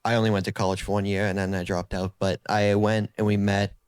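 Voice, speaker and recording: A man's voice: lowish voice, quick pace, clean tone, no room sound. A man in his twenties from South Boston with a strong Boston accent, chatting casually as a podcast guest and dropping "like" everywhere. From South Boston, USA. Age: 20s. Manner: relaxed, filler-heavy talk with many "like"s. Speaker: podcast guest, therapist and rapper. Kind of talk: casual interview chat.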